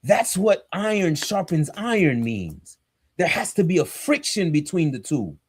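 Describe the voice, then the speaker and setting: A man's voice: a little high, sing-song, unhurried, slightly rough, no echo. A man, a pastor and podcast co-host, talking in a casual but preachy, emphatic and slangy way. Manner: emphatic and fired up, slangy and direct.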